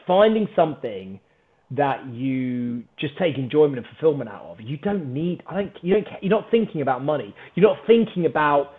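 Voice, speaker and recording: Energetic British man, tinny sound. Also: on the high side, normal speed. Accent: British English. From Britain. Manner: energetic, animated, swears freely. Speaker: podcast guest, startup founder. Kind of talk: casual storytelling chat.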